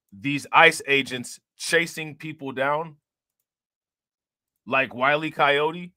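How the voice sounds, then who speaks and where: A man's voice: mid-range voice, sharp tone, dry recording, studio quality. A man hosting a reaction channel, talking casually and firing rhetorical questions at his viewers. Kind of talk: casual commentary.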